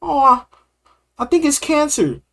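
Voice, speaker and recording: Dude doing his ex, blunt and tactless, high squeaky voice. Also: sing-song, measured pace, gravelly, bright, forceful tone, heavily acted. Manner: blurts things out. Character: blunt young woman, tactless ex-girlfriend.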